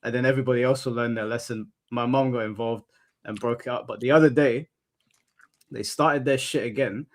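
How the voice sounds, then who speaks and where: A man's voice: mid-range voice, fairly even intonation, fairly quick. A man hosting a live stream, chatting casually and reading out super chats; he rambles, repeats words and swears while telling a story. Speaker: streamer host.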